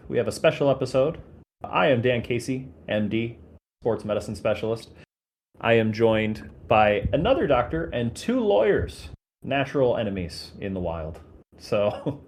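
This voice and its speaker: A man hosting a podcast with a casual, chatty manner, laughing often and joking at his own expense. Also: medium pitch. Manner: laughs often, self-deprecating banter. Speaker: podcast host, physician.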